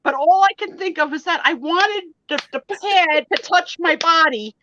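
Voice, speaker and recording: A middle-aged woman hosting a live stream, telling a story in a casual, animated way, laughing and acting out the lines she quotes. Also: very high-pitched, normal speed, lo-fi sound, slight background noise. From United States. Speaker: host.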